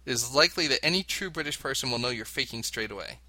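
A man's voice: mid-range voice, expressive, quick pace, sharp tone. A man reading an article aloud in a casual chat, often breaking into giggles. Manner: giggly, reads text aloud. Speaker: co-host.

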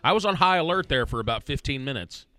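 A man's voice: medium pitch, expressive, fast, sharp tone. A man co-hosting a casual sports radio chat, laid-back and self-deprecating. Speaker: co-host.

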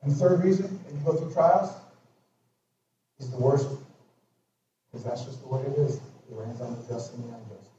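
A male pastor preaching a sermon, acting out arguments in animated storytelling. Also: mid-range voice, moderate pace, long pauses, a little hiss or hum. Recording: echoey hall from far off, dull.

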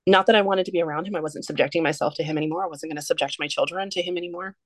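A woman's voice: fairly low pitch, very fast, no room sound. A woman guest on a podcast, telling a personal story in a candid, earnest way. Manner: candid, earnest, steady through a heavy story.

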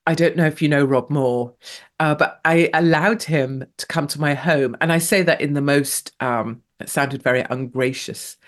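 A woman's voice: low-pitched, moderate pace. A middle-aged woman hosting a live radio talk show in a breezy, gushing manner, reading out listener chat messages with playful asides. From England.

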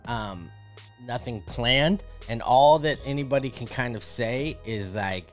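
A man's voice: medium pitch, unhurried, soft background music. A man, a podcast co-host, chatting in a laid-back way, full of "you know" fillers. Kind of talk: casual chat.

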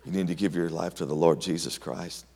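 A man voices a firm, no-nonsense preacher giving orders. The voice is deep and steady. A long hall reverb hangs behind it. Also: a little fast, breathy edge. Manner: firm, commanding. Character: blunt, bold preacher man, firm and commanding.

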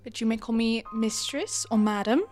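A woman's voice: on the high side, moderate pace, darkish tone, soft background music, natural voice. A woman voicing a gracious young Victorian countess who greets her guests formally in a tabletop role-play. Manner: polite, formal and welcoming.

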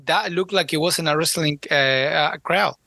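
Man, podcast co-host, bright and forceful tone, dry close sound, animated loose talk. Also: a little high, normal speed, vocal fry, dry recording. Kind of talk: casual chat, wrestling review.

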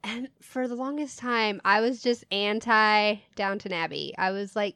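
A woman's voice: medium pitch, unhurried, bright, forceful tone, clean tone, no room sound, clean studio sound. A young woman co-hosting a casual comedy chat, telling stories and laughing often. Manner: giggly storyteller, laughs often through her stories. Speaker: podcast co-host.

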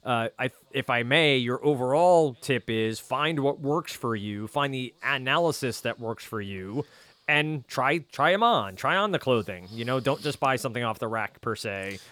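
A man's voice: mid-range voice, lively intonation, normal speed, pushed and bright. A man with a New Jersey accent hosting a podcast, asking questions in a friendly, casual way. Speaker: podcast host.

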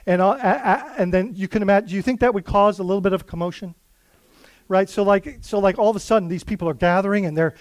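A man preaches in a fairly high voice, earnest and chatty, often restarting his sentences. The sound is dry and close, with no room echo. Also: fast talker. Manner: earnest, conversational preaching with many fillers and restarts. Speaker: pastor. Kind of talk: sermon.

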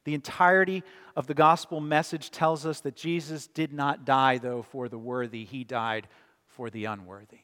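A male pastor giving an earnest sermon, pressing hard on some phrases and dropping soft on key lines, then leading a prayer. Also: mid-range voice, fairly even intonation, moderate pace, long reverb tail. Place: church sanctuary.

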